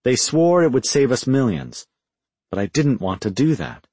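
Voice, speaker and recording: A man reading a first-person audiobook in a measured, reflective way. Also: mid-range voice, very animated, a little mellow, slightly rough, no echo. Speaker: audiobook narrator.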